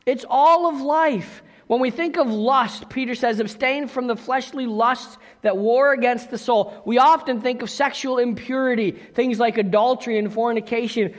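High-voiced preacher man in a reverberant hall. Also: normal speed, few pauses. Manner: conversational preaching with asides and rhetorical questions. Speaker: pastor. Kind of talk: sermon.

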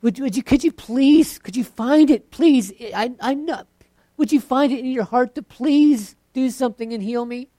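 A desperate soul stammers out a plea to God for healing, voice climbing high and loud, as a preacher acts it out. The sound is close and dry, with no room around it. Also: moderate pace, no room sound, natural voice. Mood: pleading. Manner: pleading, stammering, rising loudness.

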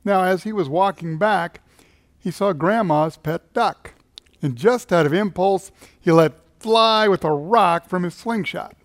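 A male pastor preaching, unfolding a story in a relaxed storytelling way and chuckling now and then. His voice is a little higher than most men's. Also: measured pace. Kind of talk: sermon storytelling.

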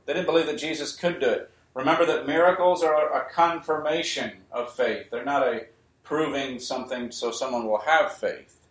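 A man's voice: medium pitch, normal speed. Man, pastor, emphatic sermon delivery, echoey church sound. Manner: emphatic preaching, repeats key phrases, rises to raised voice. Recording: echoey room.

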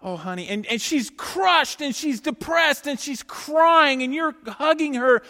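A middle-aged man delivers a sermon from a church sanctuary, and his voice sits high for a man. He tells stories with lively humor and speaks straight to the congregation. The sound rings with the long reverb of a large hall. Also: slow. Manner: lively, joking storyteller who talks straight to the congregation. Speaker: pastor.

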